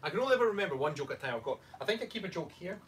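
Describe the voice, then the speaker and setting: A man's voice: high-pitched, expressive, rapid-fire, fairly bright tone. A Scottish man co-hosting a casual chat, playful and jokey. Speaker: co-host, fitness coach. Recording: distant mic, faint room noise.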